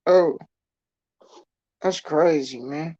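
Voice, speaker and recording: A man speaking as a guest on a live stream, blunt and slangy, stating his opinions flatly. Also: a little high, extremely slow. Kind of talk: casual live stream chat. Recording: dry, dull lo-fi call audio.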